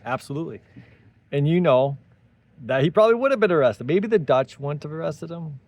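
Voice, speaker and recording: A man's voice: on the high side, animated, brisk, darkish tone, no echo. A man hosting a solo tech commentary, talking animatedly with sarcastic asides and tangents. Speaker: tech commentary channel host.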